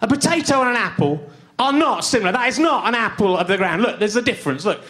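A man doing stand-up comedy in front of a live audience, ranting in an exasperated way that bursts into shouts. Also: high voice, lively intonation, quick pace. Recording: roomy venue with audience noise.

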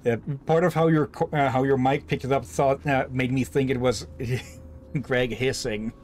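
A man's voice: mid-range voice, steady tone, measured pace, darkish tone, slight background noise. A man streaming a co-op game, chatting casually and swearing at what happens on screen. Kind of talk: casual gaming stream chat.

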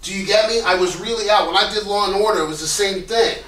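Male acting teacher, high bright voice, loud and animated, profane, echoey room, distant mic. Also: fast. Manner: loud, animated, profane, full of rhetorical questions. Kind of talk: casual coaching talk.

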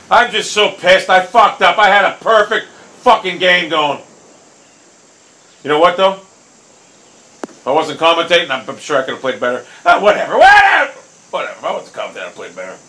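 A young man commentating his own golf video game, hot-tempered and swearing constantly, often bursting into angry shouts. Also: high-pitched, a little hiss or hum, poor audio. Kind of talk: live gameplay commentary.

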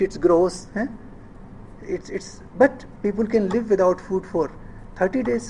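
A man's voice: high-pitched, mellow, slight background noise, poor audio. A middle-aged man with an Indian English accent giving a public lecture, often asking the audience questions and checking in with "eh?". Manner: rhetorical questions, asks audience "eh?".

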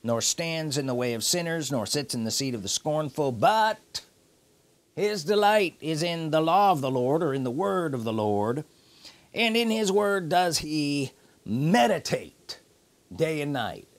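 A man preaching a sermon, emphatic, repeating key phrases with drawn-out pauses. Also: fairly high pitch, lively intonation.

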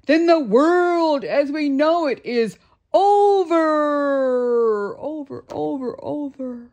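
A woman voicing a frantic male crab restaurant owner in a storybook read-aloud, loud and stammering. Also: mid-range voice, sing-song, measured pace. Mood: panicked.

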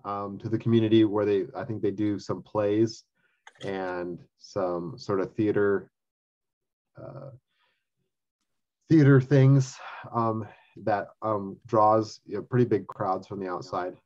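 Low, hesitant man with lo-fi sound. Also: steady tone, takes it slowly, darkish tone. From US Pacific Northwest. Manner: hesitant, many ums. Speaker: co-host. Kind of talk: casual discussion.

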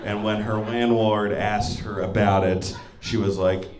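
A man doing a stand-up set on a club stage, self-mocking and quick, slipping into acted-out voices. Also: lowish voice, fairly even intonation. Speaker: stand-up comedian. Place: comedy club stage before a laughing crowd. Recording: echoey club with audience noise.

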